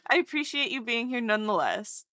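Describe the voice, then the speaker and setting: A sweetly polite, grateful friend, put on by a woman, pitched high with a sugary lilt. The voice is bright and clear, and the recording is dry and close. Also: big pitch swings, brisk, no room sound.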